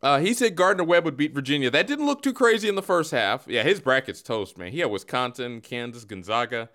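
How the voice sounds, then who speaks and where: A man co-hosting a casual sports talk show, animated and incredulous. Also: medium pitch, brisk. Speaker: podcast co-host.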